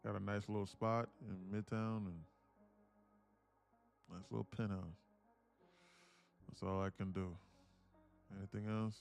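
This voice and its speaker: A man from with a gravelly voice, boasting about his trading and bantering with viewers on a live stream from his home apartment. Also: lowish voice, little pitch movement, measured pace, pauses often, soft background music. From Atlanta, USA. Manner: boastful, teasing banter with chat. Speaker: day trader streamer.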